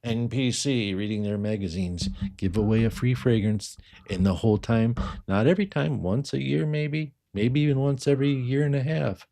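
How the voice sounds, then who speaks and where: A middle-aged man who sells fragrances, chatting casually on a livestream and rambling through viewer questions with many quiet asides. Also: medium pitch, normal speed, vocal fry. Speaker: fragrance seller answering live chat.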